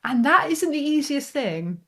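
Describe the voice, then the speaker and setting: A woman's voice: high-pitched, very animated, unhurried. A woman, hosting a podcast and talking thoughtfully in a heartfelt conversation. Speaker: podcast host.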